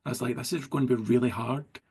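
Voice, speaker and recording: A man's voice: medium pitch, fairly even intonation, fast, darkish tone, husky. A middle-aged Scottish man, a writer as interview guest, rambling through anecdotes full of likes and quoted dialogue. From Scotland. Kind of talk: casual storytelling chat.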